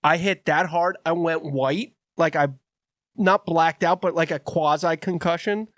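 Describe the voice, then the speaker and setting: A young man co-hosting a podcast, telling a long story in a rambling, animated way. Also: a little high, measured pace, dry recording, studio quality. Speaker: podcast co-host. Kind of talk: casual storytelling chat.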